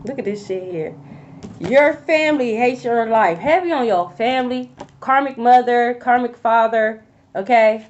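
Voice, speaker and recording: A tarot reader, a woman with a fairly high voice, does a casual reading to camera at an unhurried pace. She's blunt and profane, with an animated, slang-heavy delivery full of repeated phrases. The recording is muffled, with a little hiss or hum.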